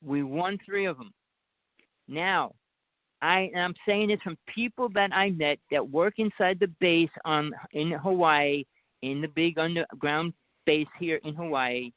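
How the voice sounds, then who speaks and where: A man with a New Jersey accent talks on and on in a rambling phone chat, insistent and hard to interrupt. His voice sits a little high for a man. The sound is dry and squeezed thin like a phone call. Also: measured pace, no echo. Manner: insistent, talks over the other speaker. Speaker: guest. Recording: dry tinny phone line.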